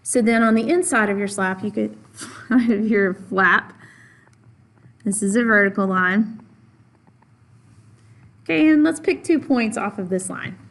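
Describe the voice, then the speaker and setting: A woman's voice: mid-range voice, measured pace, long pauses. A woman teaching a math lesson, patiently stressing and repeating key points and answering her own questions for the class. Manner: asks questions of the class and answers them herself.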